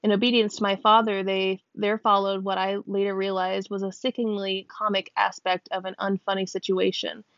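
A woman reads a novel aloud in a gravelly, creaky voice, nudging her pitch up a little when characters speak. The recording is dry and somewhat dull, with no room sound. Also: flat delivery, brisk, hardly any pauses, a bit bright, no echo. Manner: stops to check a word's pronunciation and laughs. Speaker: reader.

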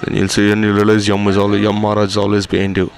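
Man, sermon translator, low voice, monotone, earnest, admonishing. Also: rapid-fire.

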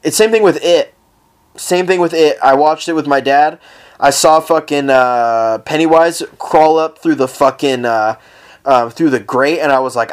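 A man's voice: on the high side, moderate pace, smooth. A young man hosting a casual solo podcast, rambling through stories with heavy swearing and frequent laughter. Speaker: podcast host.

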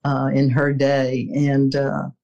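A woman's voice: very deep voice, completely flat delivery, slow pace, vocal fry, dark tone, muffled recording. An older woman answering interview questions, telling personal stories in an earnest way, with small laughs and restarts. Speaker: interview guest, former executive.

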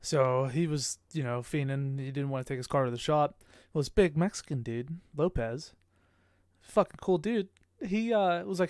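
A young man with a fairly high voice tells stories in a loose, profane podcast chat. He gets animated and laughs a lot. The recording is dry and close. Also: normal speed, no echo. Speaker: podcast co-host. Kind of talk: casual chat.

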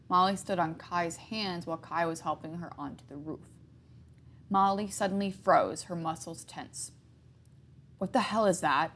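Gravelly woman reading a horror story. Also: lowish voice, a bit bright. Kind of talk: first-person horror story narration.

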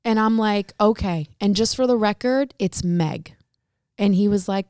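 A Connecticut hairstylist who owns a salon speaks at medium pitch and a moderate pace in a casual interview. Lively in her storytelling, she acts out the dialogue, recorded in a clean studio with no echo.

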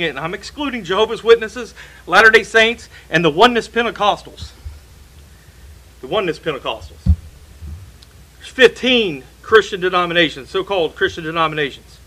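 A man's voice: high-pitched, sharp tone, low-quality recording. A man preaching a sermon in a church, emphatic and repeating key phrases for stress.

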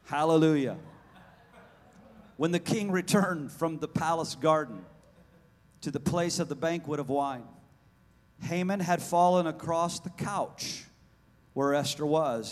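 A man preaching a fiery sermon in a church, swinging between hushed lines and loud shouting. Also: on the high side, expressive, measured pace, long pauses, long reverb tail. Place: church hall.

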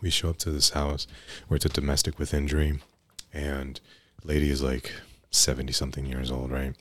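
A man's voice: rumbling low, little pitch movement, a little fast, a bit bright, no room sound. A young man, an EMT guest on a podcast, telling work stories casually, with restarts and frequent "right?" tags.

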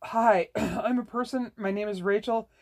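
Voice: mid-range voice, steady tone, unhurried, a little mellow, pitched above the performer's own voice, lightly acted. A reader doing a sick, sarcastic woman. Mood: indignant. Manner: pointed, sarcastic. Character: sick woman, sharp and indignant.

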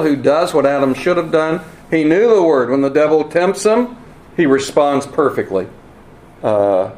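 A man preaching a teaching sermon, earnest and emphatic, with wry asides and halting repeats. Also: fairly high pitch. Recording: roomy echo, faint ambience.

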